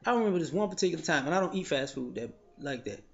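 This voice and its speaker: A man giving a blunt, profane commentary monologue, telling stories in an animated way. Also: fairly high pitch, racing, creaky, a little hiss or hum. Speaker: vlogger. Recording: slightly dull lo-fi audio.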